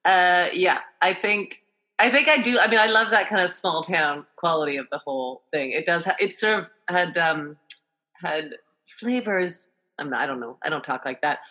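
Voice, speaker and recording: Bright-voiced woman chatting about films. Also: on the low side, moderate pace. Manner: chatty, trails off with likes. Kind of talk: casual film discussion.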